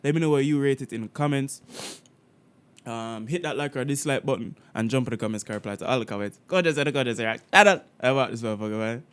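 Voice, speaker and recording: A man from Jamaica hosting a casual music reaction video. He is animated and slangy, with frequent swearing and laughter. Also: medium pitch, quick pace, a little hiss or hum. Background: the reacted song playing faintly.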